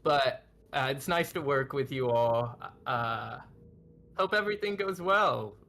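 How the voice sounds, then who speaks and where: A man's voice: mid-range voice, lively intonation, measured pace, bright, forceful tone. A man playing an awkward young soldier who stammers and halts.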